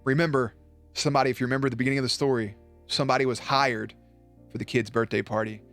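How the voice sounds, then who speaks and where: A man's voice: mid-range voice, fairly even intonation, fast talker, a bit bright, faint music behind. A man streaming, telling a story in a loose, profane way and laughing at his own punchlines. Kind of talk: casual storytelling on a live stream.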